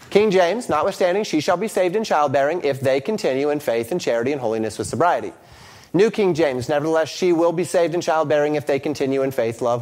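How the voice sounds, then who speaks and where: A man teaching a Bible lesson on Greek grammar, reading translations aloud, speaking haltingly with many ums and restarts. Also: fairly high pitch, darkish tone. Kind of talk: screen-share Bible lesson.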